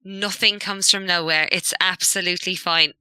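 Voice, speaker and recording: A woman player with a very bright, sharp tone asks questions in a dryly teasing way. The recording is dry and close, with no room sound. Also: lowish voice, steady tone, moderate pace, clean tone, no room sound. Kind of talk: tabletop role-play, in-character chat.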